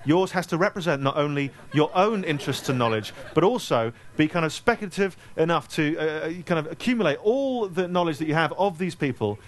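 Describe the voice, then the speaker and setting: Man, thirties, comic storyteller, live audience, self-deprecating, animated. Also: on the high side, fairly quick, hardly any pauses. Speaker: author speaking at a store event. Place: store event room.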